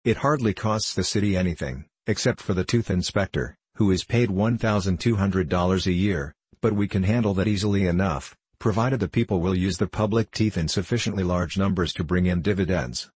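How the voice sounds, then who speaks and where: Low husky male storybook reader. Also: a little fast, hardly any pauses, darkish tone, no echo. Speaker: audiobook reader. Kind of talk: scripted storybook narration.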